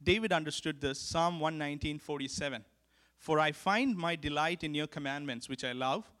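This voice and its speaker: Earnest preacher, a man with a higher voice. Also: moderate pace. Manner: earnest, repeats key lines for emphasis; swings from emphatic to hushed. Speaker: pastor. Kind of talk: sermon.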